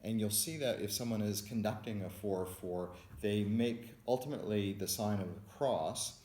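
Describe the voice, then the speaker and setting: A man's voice: fairly low pitch, moderate pace, darkish tone. A man teaching music theory in a recorded lecture, explaining methodically step by step as he writes out notation. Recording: echoey room with faint background noise.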